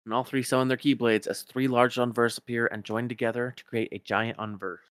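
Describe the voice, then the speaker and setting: A man's voice: mid-range voice, flat delivery, fairly quick, fairly bright tone, clean tone, no room sound, studio quality. A man casually retelling a game's story, rambling and correcting himself as he goes.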